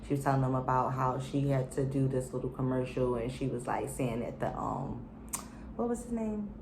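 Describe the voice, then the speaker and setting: A woman's voice: very deep voice, moderate pace, creaky, roomy sound, background noise. A woman casually recapping a reality show, chatty and opinionated, with lots of fillers and slang.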